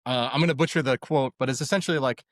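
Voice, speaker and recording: Young male guest, chatty storyteller, dry booth sound, average pitch. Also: fast talker, no room sound. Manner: rambling, animated retelling with many fillers. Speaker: podcast guest. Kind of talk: casual storytelling.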